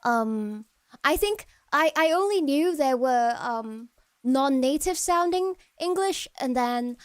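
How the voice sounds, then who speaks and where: A woman with a high, light voice chats casually with her stream audience, meandering and hesitant, full of "um"s and restarts. She often drops into soft, quiet murmurs. The sound is close and dry, with no room echo. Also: lively intonation, takes it slowly. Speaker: virtual streamer chatting with viewers. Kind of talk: casual live-stream chat.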